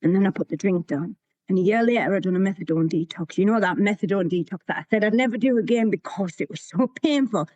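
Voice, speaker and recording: A woman's voice: medium pitch, fast talker, darkish tone, no echo. A woman, telling her own recovery story to a meeting in a candid, plain-spoken way. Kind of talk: sharing a personal recovery story.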